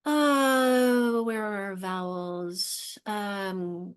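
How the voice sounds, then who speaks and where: A woman's voice: mid-range voice, fairly even intonation, very slow, clear, resonant tone. A woman leading an online literacy training for teachers, talking conversationally with frequent restarts and sounding out vowels to demonstrate them, over a computer microphone.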